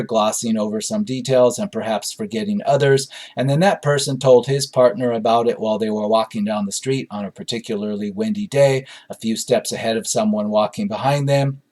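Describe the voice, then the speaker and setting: A man hosting a movie review show, reading audience reviews aloud and commenting on them in a relaxed, conversational way with frequent fillers and restarts. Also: mid-range voice.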